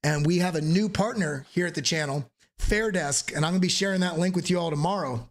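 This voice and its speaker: Joking, energetic male crypto streamer. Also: fairly high pitch, a little fast. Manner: energetic, joking, swears casually. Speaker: crypto trading channel host. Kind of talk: live-streamed chart analysis.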